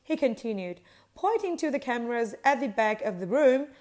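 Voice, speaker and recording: A woman reading a news article aloud in an even, uninflected way, quotes read in the same voice. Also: fairly high pitch, normal speed. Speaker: news reader.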